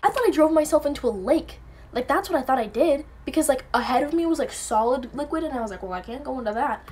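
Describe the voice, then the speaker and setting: A young woman telling a story from her own night in a casual vlog, animated and full of "like". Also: sits high, fast talker. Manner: animated storytelling, acting out everyone's lines, heavy use of "like". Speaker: vlogger.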